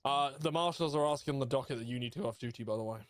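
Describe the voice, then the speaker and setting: A man in a roleplay chat speaks at a very fast clip and keeps a brisk, mock-official tone. His voice sits at an ordinary middle pitch. He sounds like a fellow player talking in character over the radio.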